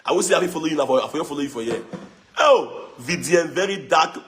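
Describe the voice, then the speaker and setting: A young Nigerian man from Edo with a local accent, talking loosely on a phone livestream, mixing in pidgin, animated and mocking with frequent laughs. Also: fairly high pitch, quick pace, a little hiss or hum. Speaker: social media livestreamer. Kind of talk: casual livestream chat.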